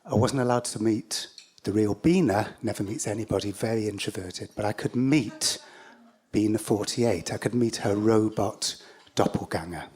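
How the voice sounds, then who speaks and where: A man's voice: fairly low pitch, moderate pace, a little mellow, slightly rough. An English-accented man telling a personal story live, in a wry, self-mocking way with stop-start phrasing.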